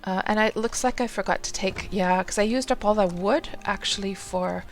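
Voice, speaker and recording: Woman game streamer, mid-pitched and gravelly, chatty and rambling, talks to herself and to chat. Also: brisk, faint music behind. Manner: rambling and chatty, often talking to herself and greeting chat viewers. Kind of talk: casual live-stream commentary.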